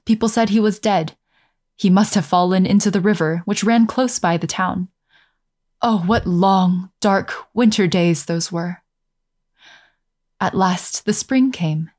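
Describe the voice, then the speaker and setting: A woman narrating a fairy tale aloud in a calm, measured way, slowing down over scenic passages. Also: medium pitch. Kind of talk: storybook narration.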